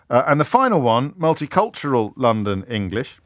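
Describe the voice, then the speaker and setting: A man's voice: mid-range voice, sing-song, normal speed, no room sound, studio quality. A middle-aged man hosting a live radio phone-in, thinking aloud in a chatty way and often restarting his sentences. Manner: musing, chatty, with frequent restarts and stammered repeats. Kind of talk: live talk-radio monologue. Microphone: studio microphone.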